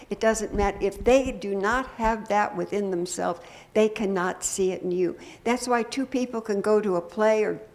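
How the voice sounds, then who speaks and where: Woman minister preaching conversationally. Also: mid-range voice. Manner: warm, conversational preaching with humor and audience questions. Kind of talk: sermon to a congregation. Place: church sanctuary.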